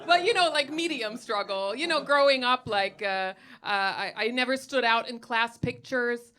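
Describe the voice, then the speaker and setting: A young woman from Germany doing stand-up on a comedy stage, sardonic and chatty, padding her lines with ums and likes. Her voice is bright and forceful and sits a little high. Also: moderate pace. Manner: sardonic, chatty, many ums and likes, laughs at own jokes. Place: comedy stage before a live audience.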